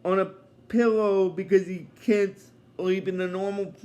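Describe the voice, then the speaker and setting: A man retells a cartoon episode at a slow, meandering pace, full of fillers. His voice sits high for a man and stays casual throughout. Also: flat delivery, darkish tone, dull audio. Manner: rambling, many fillers, chuckling asides. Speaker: episode reviewer.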